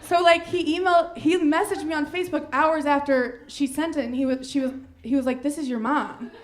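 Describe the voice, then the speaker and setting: A woman's voice: high voice, fairly even intonation, a little fast, background noise. A woman comedian telling a rambling, self-mocking story on stage, often breaking into giggles. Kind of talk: live storytelling stand-up.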